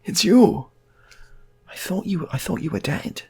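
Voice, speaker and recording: A man voicing a bewildered wife, pitching up high and repeating himself. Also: animated, measured pace, slightly rough, heavily acted. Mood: flustered. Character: shocked, bewildered wife of a middle-aged family.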